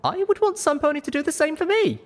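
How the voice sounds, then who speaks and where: A man's voice: extremely high pitch, fast talker, pitched above the performer's own voice. Man voicing an earnest young unicorn mare. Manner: earnest, pleading.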